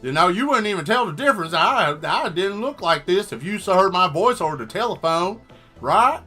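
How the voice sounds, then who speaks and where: A man's voice: high-pitched, expressive, moderate pace, pushed and bright, faint music behind. A man hosting a painting livestream, chatting casually with viewers in a rambling, joking way. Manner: rambling, joking, answers the chat.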